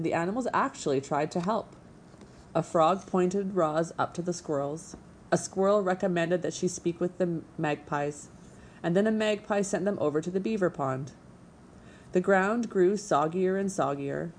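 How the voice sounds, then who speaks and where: A woman reading a children's book aloud with expressive storytelling. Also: on the low side, slight background noise, low-quality recording. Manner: expressive storytelling, voicing characters. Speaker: narrator.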